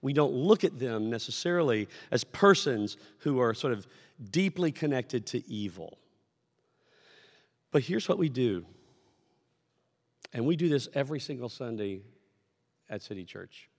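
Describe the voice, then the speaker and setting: A man preaching a sermon to his congregation, conversational and animated, acting out shouted lines as he tells stories. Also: mid-range voice, measured pace, long pauses. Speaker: pastor. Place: church sanctuary. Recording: long hall reverb.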